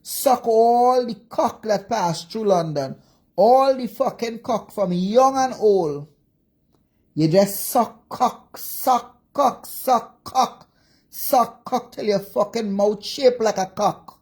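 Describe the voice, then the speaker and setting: A woman's voice: mid-range voice, a little slow, mellow. A woman with a Jamaican accent, ranting angrily on a livestream with constant profane insults. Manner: profane, insulting, repetitive cursing. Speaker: social media commentator. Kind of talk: angry livestream rant.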